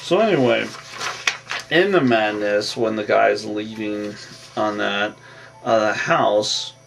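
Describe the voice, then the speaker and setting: Gravelly man rambling through a recap. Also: on the low side, slow, far from the mic. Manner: rambling, filler-heavy retelling with repeated "on that". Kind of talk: casual movie recap. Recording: voice from away from the mic with faint music.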